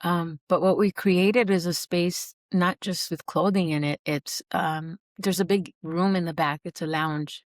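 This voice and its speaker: Earnest woman telling her story, low voice. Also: a little slow, hardly any pauses, no room sound, studio quality. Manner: earnest, animated, acts out quoted dialogue. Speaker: podcast guest, recovery program alumna. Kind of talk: heartfelt personal storytelling.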